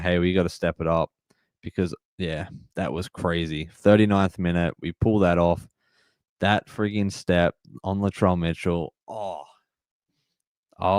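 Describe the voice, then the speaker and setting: A man hosting a live match-reaction stream, excitable and emotional, shouting at big plays. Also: low voice, clear, resonant tone, no room sound, studio quality.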